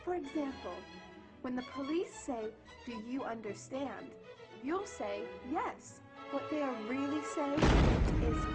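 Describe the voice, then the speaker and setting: A woman's voice: high-pitched, expressive, unhurried, poor audio. A woman reading a scripted narration in a mocking, sing-song way. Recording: music bed behind voice.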